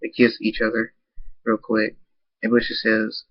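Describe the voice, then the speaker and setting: A man's voice: lowish voice, completely flat delivery, normal speed, no echo. A man narrating his own fan story aloud in an unpolished reading that stumbles over words. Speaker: amateur fan-fiction narrator. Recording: dull lo-fi dry recording.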